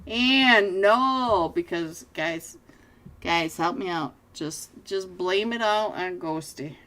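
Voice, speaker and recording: A young adult woman live-casting a mobile battle royale match, excitable and self-mocking, jumping between play calls and chat with viewers. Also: on the low side, slow pace. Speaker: esports caster. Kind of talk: live game commentary.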